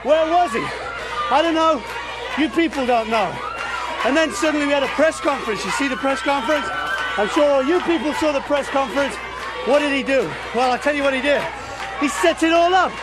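Shouting English wrestler over a roaring crowd. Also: male voice, very high-pitched, a little fast, over loud music. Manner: intense, taunting, threatening. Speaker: pro wrestler. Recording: old TV broadcast with loud crowd.

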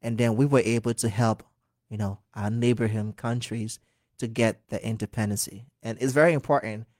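A man in his twenties from Liberia, a singer talking as a guest in a casual interview, animated and earnest, laughing often. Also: lowish voice, moderate pace, no room sound, studio quality. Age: 20s.

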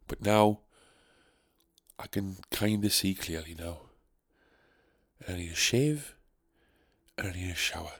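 A young man talks through a casual solo podcast episode. His voice sits fairly low, and he rambles in a sarcastic, offhand way, swearing freely as he goes. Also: unhurried, long pauses, fairly bright tone, no echo, clean studio sound. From North East England. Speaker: podcast host.

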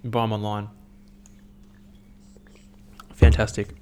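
A man's voice: lowish voice, completely flat delivery, slow pace, mellow, a little hiss or hum. A young man, hosting a casual solo rant, swearing often and rambling animatedly between stories.

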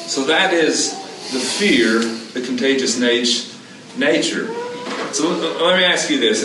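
A man preaching a conversational sermon, asking his listeners questions and repeating his key points in an animated way. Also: mid-range voice. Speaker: pastor. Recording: echoey room, distant mic, background noise.

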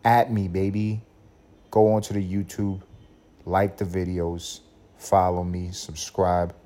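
A man's voice: low-pitched, level tone, takes it slowly, mellow. A man hosting a solo podcast, ranting in a profane, rambling way, laughing at his own points and slipping into mock voices. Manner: mock voices for quoted people. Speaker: podcast host.

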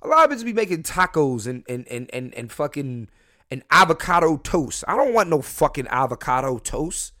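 A man's voice: on the high side, big pitch swings, normal speed, sharp tone. A young man hosting a solo podcast, talking in a crude, rambling, jokey way with lots of swearing and restarts. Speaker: podcast host.

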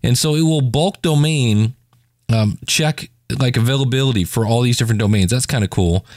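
A man's voice: mid-range voice, moderate pace, darkish tone, dry recording, clean studio sound. A man hosting his own podcast, reviewing a web tool in a chatty, informal way with jokey asides. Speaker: podcast host. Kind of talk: casual solo podcast review.

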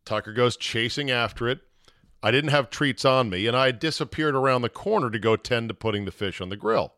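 Animated male podcast host, dry sound. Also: mid-range voice, fairly quick, no echo. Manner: animated storyteller, swears, acts out shouts. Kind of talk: casual storytelling monologue.

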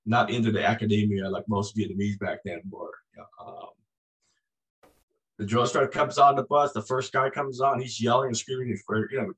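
A man in his sixties, a former Marine guest, telling stories in a lively, conversational way and acting out the voices in his anecdotes. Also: on the low side, brisk, rough recording. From United States. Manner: animated storyteller, acts out voices in anecdotes. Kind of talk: conversational storytelling.

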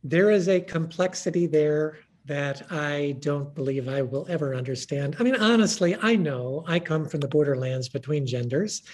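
Slightly rough and low, this woman's voice moves at normal speed with few pauses. Appearing as a guest, she tells conversational stories with animation, performing the dialogue herself.

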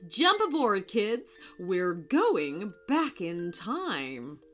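A woman's voice: mid-range voice, big pitch swings, drawn-out words, soft background music. A woman voicing a confident, cheerful adult time traveler who guides a group of children. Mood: assured.

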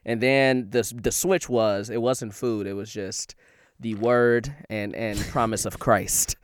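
A man's voice: fairly low pitch, fairly even intonation, unhurried, smooth. A man from Chicago in a casual comedic chat, playful and rambling, repeating himself and restarting sentences. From Chicago, USA.

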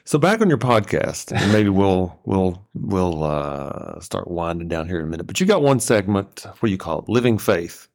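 A man's voice: deep voice, very animated, moderate pace, few pauses, a little mellow. A middle-aged man co-hosting a podcast, asking easygoing prompting questions. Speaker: co-host. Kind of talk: casual podcast interview.

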